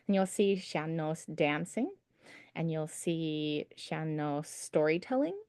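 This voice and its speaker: A woman's voice: low voice, creaky, a little mellow, no echo, studio quality. Patient woman teaching singing online. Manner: patient, encouraging, explains slowly. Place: home setup on a video call. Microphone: video call.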